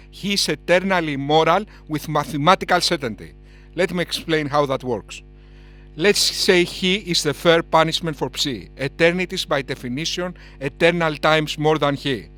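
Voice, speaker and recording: A man's voice: a little high, a bit bright. A man giving heated reaction commentary on a debate clip, scornful and mocking, and laughing at his own outbursts.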